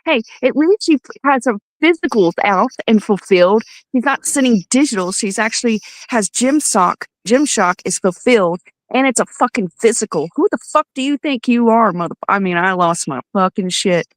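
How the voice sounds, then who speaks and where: A woman's voice: medium pitch, lively intonation, normal speed, dry recording, poor audio. A woman guest on a comics livestream, telling a heated story in casual chat and swearing constantly.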